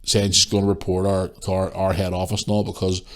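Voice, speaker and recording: A man relaying a weary young shop clerk, speaking quietly and low in a matter-of-fact way. It is a casual quoted aside in a podcast story. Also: completely flat delivery, a little fast, lightly acted.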